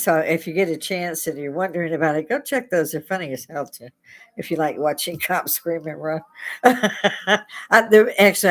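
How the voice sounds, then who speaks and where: Lower-voiced woman telling stories with laughs. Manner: laughs often while telling spooky stories. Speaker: host. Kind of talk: casual storytelling.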